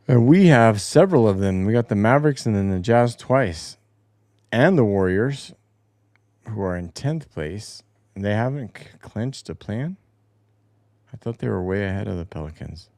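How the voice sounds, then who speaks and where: A man's voice: on the low side, lively intonation, unhurried, long pauses, darkish tone, dry recording, studio quality. A man hosting a casual sports talk show from a home basement, rambling and opinionated, with some swearing. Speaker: host. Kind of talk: casual solo sports commentary.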